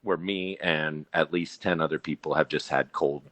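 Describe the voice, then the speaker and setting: A man from Montana, co-hosting a podcast, tells a rambling, animated story in casual chat and acts out the dialogue. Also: extremely low pitch, normal speed, no echo. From Billings, Montana, USA. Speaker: podcast co-host.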